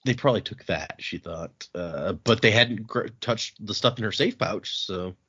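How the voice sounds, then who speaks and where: A man hosting a podcast, recapping chapters in a casual, animated way with frequent laughs and restarts. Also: on the low side, moderate pace, husky. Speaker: podcast host recapping a book. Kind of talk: casual book-club chat. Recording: dull lo-fi podcast audio.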